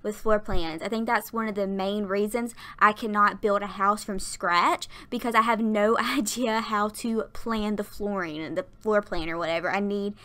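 Woman, 20s, bright tone, out of breath, chatty, casual voiceover, USB mic. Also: mid-range voice, steady tone, moderate pace, hardly any pauses. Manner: chatty and rambling, laughs often. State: tired and out of breath. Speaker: YouTuber narrating a Sims build. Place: workplace. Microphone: desktop USB mic.

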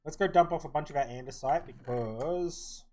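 A young man with a fairly high yet darkish-toned voice talks at a moderate pace during his live game stream. He chats casually, muttering plans to himself and thinking aloud.

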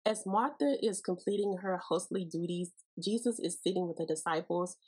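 Breathy woman teaching a devotional podcast. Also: on the low side, normal speed, rough recording. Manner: folksy, animated Bible teaching with playful asides. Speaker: podcast host.

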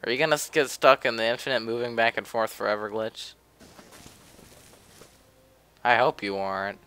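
A man's voice: mid-range voice, fairly even intonation, fast talker, bright, forceful tone, clean tone. A young man giving casual, chatty commentary while playing a game, often grumbling offhandedly. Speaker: gameplay commentator. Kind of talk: casual let's play commentary. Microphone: desk mic.

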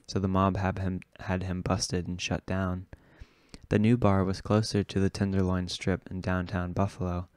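A man reading a novel aloud in a steady, low-key way. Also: clear, resonant tone, no echo, studio quality. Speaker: audiobook reader.

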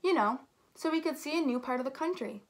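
A very polite storybook state excuses itself courteously, as a woman reading aloud gives it a voice. The tone is gentle and a touch high. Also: brisk, close to an everyday voice.

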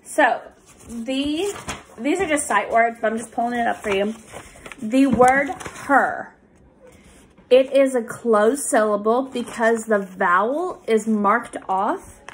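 A woman tutoring young readers, explaining reading rules patiently with many pauses and fillers. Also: fairly high pitch, slight background noise. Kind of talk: recorded lesson for students.

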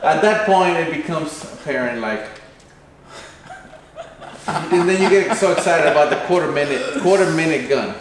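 A man's voice: fairly high pitch, expressive, normal speed, pauses often. A man hosting, casually talking through a plan for a video and acting out lines. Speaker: channel host. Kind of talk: casual planning chat. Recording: very echoey room, faint noise.

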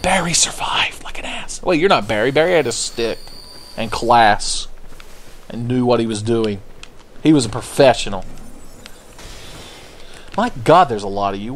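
A man's voice: mid-range voice, animated, moderate pace, long pauses, slight background noise. A man giving casual, profane, sarcastic commentary while playing a video game. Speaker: gameplay commentator. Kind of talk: casual let's-play commentary.

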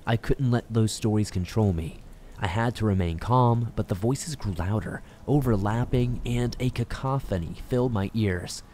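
A man with a fairly low voice reads a horror story aloud. His delivery is measured and dramatic, building suspense line by line. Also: warm tone, a little hiss or hum. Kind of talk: scripted horror narration.

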